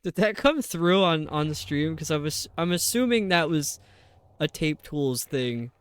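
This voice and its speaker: A man's voice: fairly high pitch, lively intonation, measured pace, smooth. A man live-streaming a video game, rambling to his viewers as he puzzles over the level. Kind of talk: casual live-stream chat while gaming.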